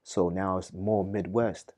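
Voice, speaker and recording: A young man from Boston tells his story on a podcast in a mellow, dark-toned voice with a dry, close sound. He talks in loose slang and gets loud and animated as he goes on. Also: low voice, a little slow, no echo. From Boston, Massachusetts. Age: young adult. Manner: animated, slangy, rising loudly when telling the story. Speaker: podcast guest. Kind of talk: casual storytelling.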